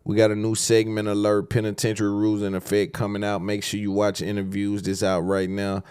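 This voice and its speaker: A man's voice: lowish voice, completely flat delivery, brisk, a little mellow, smooth, no room sound, clean studio sound. A man hosting a podcast in casual solo commentary, laid-back and slangy, rambling with repeated fillers. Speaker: podcast host.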